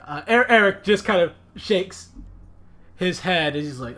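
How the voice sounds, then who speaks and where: A man narrating a tabletop game as game master, telling the story in a lively, animated way. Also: high voice, measured pace.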